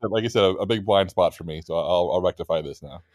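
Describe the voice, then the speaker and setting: A man chatting casually as a podcast co-host, lively and self-deprecating, and he laughs often. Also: sits low, fast.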